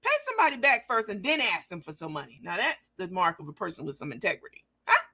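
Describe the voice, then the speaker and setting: A woman's voice: lowish voice, very animated, fast, sharp tone, breathy edge. A woman hosting a livestream, reading viewer comments aloud and talking bluntly and profanely in a mocking, emphatic way.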